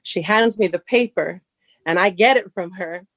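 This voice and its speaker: A middle-aged woman from Southern California, a podcast guest telling a personal story casually and acting out the dialogue, her voice rising high when excited. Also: normal speed, no room sound.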